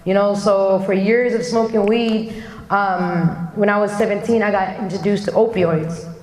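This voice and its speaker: A woman's voice: mid-range voice, fairly even intonation, unhurried, a little mellow. A woman in her thirties from Somalia giving a candid, chatty motivational talk to young people and acting out the voices of family and friends. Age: 30s. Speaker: motivational speaker. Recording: echoey hall.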